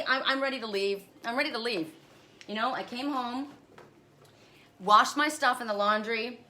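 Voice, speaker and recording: A woman's voice: mid-range voice, sharp tone. A middle-aged woman chatting to viewers on a live stream from outdoors, rambling and friendly as she reads oracle cards. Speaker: oracle card reader hosting a live stream. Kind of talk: casual live-stream chat. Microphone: phone camera.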